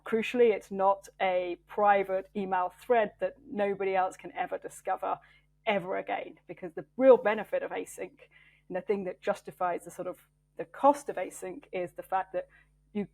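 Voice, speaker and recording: A woman engineering manager talks through her work as an interview guest. Her voice sits at an ordinary middle pitch, and she thinks aloud with plenty of ums and restarts. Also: a little mellow. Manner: thoughtful, with many fillers and restarts. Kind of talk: interview conversation.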